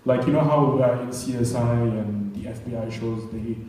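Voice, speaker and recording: A man's voice: medium pitch, normal speed, warm tone. A young man doing a stand-up set on a club stage, rambling with self-deprecating asides. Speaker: stand-up comedian. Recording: echoey club heard from far off.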